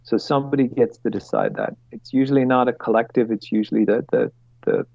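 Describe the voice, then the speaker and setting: A man's voice: mid-range voice, huge pitch swings, brisk, gravelly, darkish tone, no room sound. A man acting as product owner who explains work planning to his team on a video call, talking bluntly, swearing freely and drifting into rants. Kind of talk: casual meeting explanation. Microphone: computer mic on a video call. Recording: dull lo-fi call audio.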